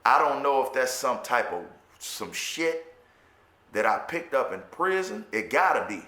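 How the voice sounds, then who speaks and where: A formerly incarcerated man with a Chicago accent gives a candid monologue about his life in a roomy, echoing space. His voice is mid-range, sing-song and sharp, unhurried in pace. He's profane and frank, often stammering and repeating words.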